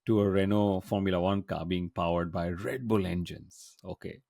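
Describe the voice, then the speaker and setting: A man's voice: deep voice, steady tone, moderate pace, vocal fry, a little mellow, dry recording, studio quality. A man hosting a podcast, telling stories with a playful, joking manner. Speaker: podcast host. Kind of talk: casual podcast chat.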